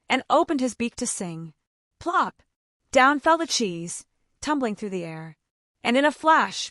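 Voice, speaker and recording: A woman storyteller narrating a children's fable with a scripted, gently dramatic reading. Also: a little high, dry recording, studio quality.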